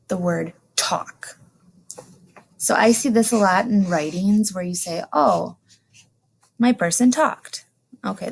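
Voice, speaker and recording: Woman teacher talking slow to little kids, bit of fry in her voice, repeats every word and gets all excited about them. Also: on the low side, slight background noise. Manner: slow and clear, stressing and repeating each new word; animated, with delighted exclamations. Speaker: elementary school teacher. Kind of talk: recorded lesson for young students.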